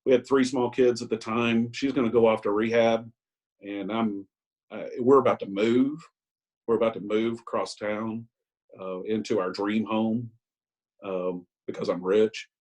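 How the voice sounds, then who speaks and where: Older man, 60s, husky voice, candid self-deprecating recovery speaker on a video call. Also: lowish voice, fairly even intonation, measured pace, a little mellow, poor audio. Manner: candid, self-mocking storytelling with hesitant ums. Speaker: Al-Anon speaker. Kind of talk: personal recovery share.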